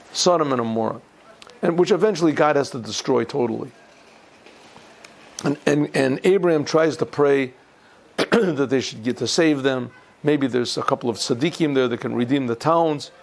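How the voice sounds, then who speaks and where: A man, a rabbi, giving an informal Torah lesson, often clearing his throat and restarting his sentences as he thinks aloud. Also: mid-range voice, normal speed, pauses often. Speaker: rabbi teaching a yeshiva class.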